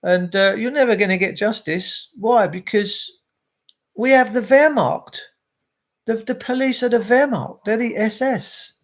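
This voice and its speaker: A man's voice: high voice, measured pace. A man, hosting a casual livestream, greeting viewers by name and ranting. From England. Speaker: livestream host.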